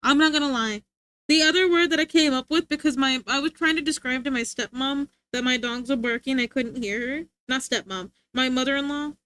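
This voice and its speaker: A woman's voice: sits high, a bit bright, clean tone. A young woman livestreamer chatting casually with her viewers, rambling and often giggling.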